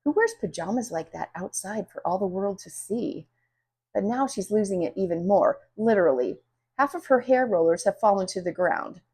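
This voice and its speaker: A woman reading a children's story aloud in an expressive, animated way. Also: mid-range voice, moderate pace, breathy edge. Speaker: children's book reader. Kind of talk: storybook read-aloud narration.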